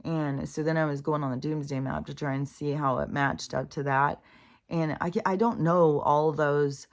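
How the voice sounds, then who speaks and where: A woman's voice: low voice, moderate pace. A middle-aged woman vlogging about spirituality in a casual, rambling monologue, swearing freely and acting out what others said. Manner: animated, swears freely, acts out quoted voices.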